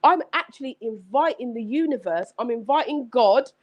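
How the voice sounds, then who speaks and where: Energetic woman hosting a motivational live stream, higher voice with lively swings, preachy and emphatic. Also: normal speed, highs cut off. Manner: energetic, exclamatory, preachy, repeats phrases. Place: home setup with several screens.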